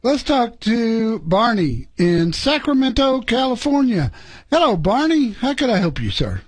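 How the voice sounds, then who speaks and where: A man's voice: extremely high pitch, very animated, a little slow, no echo, poor audio. A middle-aged man hosting a call-in radio show about cars, chatty and easygoing as he gives advice. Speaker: radio car show host.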